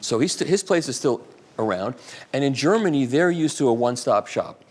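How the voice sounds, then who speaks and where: A mid-pitched man talks casually to a live audience. He rambles and restarts, adding asides as he goes. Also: lively intonation, fairly quick. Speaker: guest speaker at a live audiophile talk. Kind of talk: casual talk answering audience questions. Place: hall at a live event.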